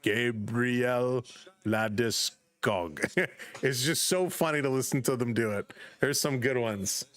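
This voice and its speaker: A man hosting a live baseball stream, mixing play-by-play with chatty greetings to viewers. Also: moderate pace. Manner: chatty, greets chat viewers by name between pitches; gets loud and excited on big plays. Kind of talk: casual live play-by-play commentary.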